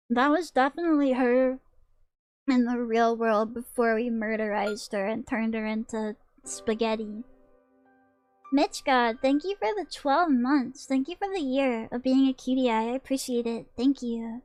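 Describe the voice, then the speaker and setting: A woman with a high voice hosting a live stream, chatting in a playful, casual way and reacting to her viewers. Music plays clearly behind her. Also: measured pace, darkish tone. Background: background music.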